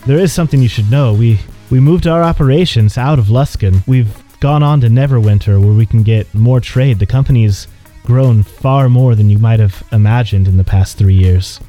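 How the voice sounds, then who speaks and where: A man voicing a grizzled, blind old sea dog who speaks in a halting, earnest way, a fatherly mentor in a tabletop game. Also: mid-range voice, warm tone, faint music behind, close to an everyday voice. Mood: informative.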